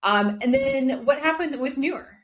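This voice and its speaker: A woman's voice: sits high, a little slow. A woman co-hosting a sports podcast, chatting casually and explaining at length with frequent laughs. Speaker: podcast co-host.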